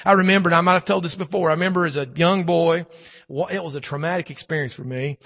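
Hoarse, high, gravelly preaching man. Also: quick pace. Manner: swings from fervent preaching to quiet storytelling. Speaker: pastor. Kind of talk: sermon. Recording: long hall reverb.

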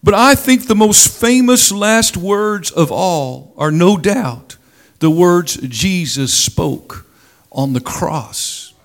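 Slow, deliberate male preacher. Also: high-pitched, lively intonation. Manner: slow, deliberate preaching with dramatic rises and drops. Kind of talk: sermon.

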